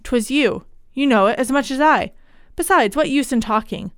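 A woman's voice: high-pitched, normal speed, a bit bright, clear, resonant tone, dry recording, studio quality. Woman reading as a stern scheming mother. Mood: commanding. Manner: urgent, commanding.

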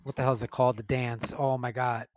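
A man hosting a casual group chat, briskly calling out movie matchups and tallying everyone's votes. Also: mid-range voice, flat delivery, a little hiss or hum. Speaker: host running a movie vote.

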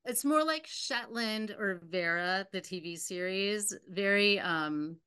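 A woman co-hosts a relaxed bookstore chat, chiming in with comparisons. Her voice is smooth and clear, at a middle pitch. She talks in an easygoing way, full of "like" and "you know.". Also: slow. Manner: chatty, adds comparisons with fillers like "you know". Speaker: bookstore co-host. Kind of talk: casual book recommendation chat.

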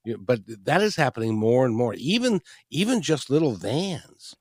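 A man's voice: mid-range voice, big pitch swings, normal speed, husky, dry recording, clean studio sound. A man hosting an interview, talking casually with many repeated words and restarts. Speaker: interview host. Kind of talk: casual chat.

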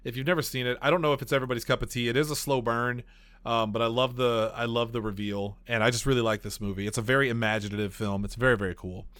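A man with a bright, clear voice recorded dry and close to the mic. He hosts a relaxed podcast chat, cracking jokes and handing the turn to each guest. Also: medium pitch, fast talker, no room sound. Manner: jokey, steers the talk between picks. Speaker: podcast host. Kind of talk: casual chat.

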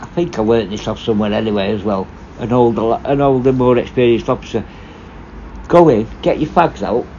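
A former prison officer telling stories casually, blunt and full of swearing, rambling and restarting. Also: male voice, mid-range voice, fairly quick, a little mellow, dull audio, a little hiss or hum. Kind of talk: casual storytelling.

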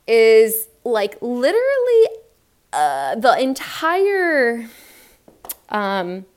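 A young adult woman hosting a solo podcast, talking frankly and animatedly and laughing often. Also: mid-range voice. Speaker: podcast host.

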